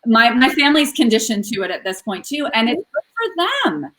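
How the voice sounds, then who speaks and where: A woman in her thirties co-hosting a casual talk, telling her story openly with lively acted-out quotes. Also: on the high side, a little fast, poor audio. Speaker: podcast co-host. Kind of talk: casual chat.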